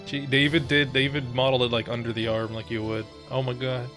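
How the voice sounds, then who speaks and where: A man's voice: mid-range voice, little pitch movement, fast, hardly any pauses. A man commenting on a game he is playing for the first time, reading the characters' lines aloud in playful theatrical voices. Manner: reads game dialogue in playful theatrical voices, swears casually. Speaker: let's player. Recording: faint game music behind.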